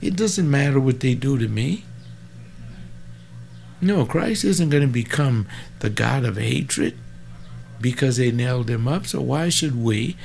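Gravelly seventy-year-old man preaching. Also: medium pitch, a little slow, a little mellow, a little hiss or hum. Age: 70s. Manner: fervent, rambling, folksy asides, bursts of emphasis. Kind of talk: informal preaching monologue.

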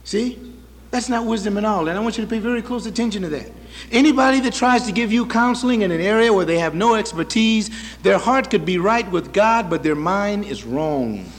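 A man preaching a sermon as pastor, swinging from loud high bursts to quiet low asides. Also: animated, fairly quick, in a large hall, a little hiss or hum.

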